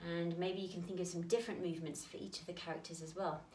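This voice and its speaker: A woman's voice: on the low side, little pitch movement, fast talker, a little mellow, a little hiss or hum. A woman teaching a creative dance lesson for young children, talking straight to them in an encouraging way. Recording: echoey room, mic at a distance.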